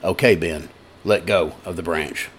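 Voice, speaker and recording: A man voicing God as a calm, dry-humored presence from above, speaking low, soft and slow. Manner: calm, slow and unhurried, gently wry.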